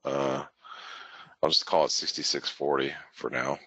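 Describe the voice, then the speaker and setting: A forex market analyst hosts a webinar, offering casual live market commentary that rambles, corrects itself and keeps restarting. His voice is very deep, level, unhurried and sharp. There's no echo, though the audio sounds dull.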